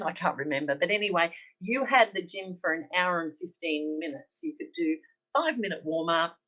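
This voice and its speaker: A woman's voice: low-pitched, a bit bright, poor audio. Earnest Australian woman telling her story. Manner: earnest, emotional, acts out quoted dialogue. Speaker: podcast guest. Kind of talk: casual personal storytelling.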